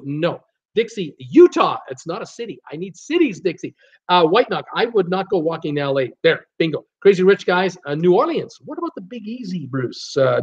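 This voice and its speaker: A man hosting a live trivia stream, upbeat as he reads out viewer names and their guesses. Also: fairly high pitch. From United States. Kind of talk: live trivia chat reading viewer comments. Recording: dull lo-fi stream audio.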